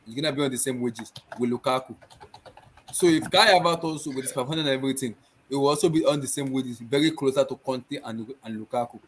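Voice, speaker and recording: A man hosts a casual football talk, speaking at a middling pitch and circling back over the same phrases when he's riled. A faint hiss sits under his voice. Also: fast talker. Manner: excitable, repeats himself. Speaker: podcast host.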